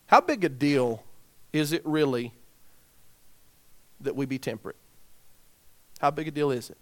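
A man preaching a sermon, dropping to quiet, grave emphasis and rising to loud shouts as he tells a story. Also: fairly high pitch, measured pace.

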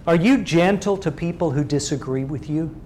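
Middle-aged male preacher, earnest and questioning, voice sits a little high, faint rumble behind. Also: moderate pace, darkish tone. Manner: earnest, asks the congregation many direct questions. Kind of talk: sermon.

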